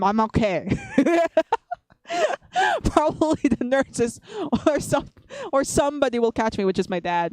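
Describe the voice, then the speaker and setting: A woman streamer chats through a casual storytime from home, rambling and giggling often. Her voice is smooth and clear, heard close and dry with no room echo. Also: mid-range voice, darkish tone.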